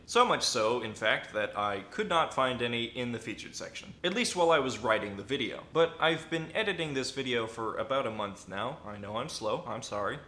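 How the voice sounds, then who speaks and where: Sarcastic male video essayist, bright tone, echoey room. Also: medium pitch. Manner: sarcastic, animated, self-aware. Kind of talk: comedic commentary video.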